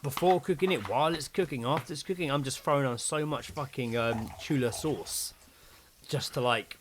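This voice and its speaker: A man's voice: medium pitch, moderate pace, a little hiss or hum. A man, co-hosting a podcast, telling stories in casual chat, swearing and acting out what people said. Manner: animated storytelling, acting out quotes, swearing. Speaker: podcast co-host.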